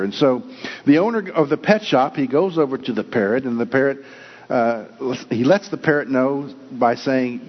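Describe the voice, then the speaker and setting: A man's voice: medium pitch, moderate pace. A man preaching a sermon in an earnest storytelling manner, often restarting his phrases. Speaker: pastor. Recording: lo-fi with long hall reverb.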